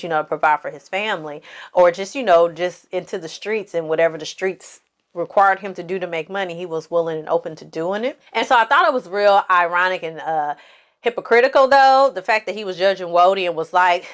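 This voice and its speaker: A woman hosting a casual TV recap, chatty and animated, with features, acting out characters' lines in a dramatic voice. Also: lowish voice. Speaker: film and TV recap host.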